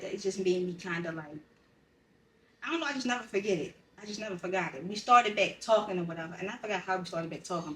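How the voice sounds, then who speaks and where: A woman in candid podcast conversation, speaking bluntly and with raw feeling, cursing freely. Her voice sits back from the mic in a roomy, echoing space, at a middling pitch. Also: fairly bright tone. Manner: blunt, profane, emotionally raw storytelling. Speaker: podcast co-host. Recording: roomy sound, distant from the mic.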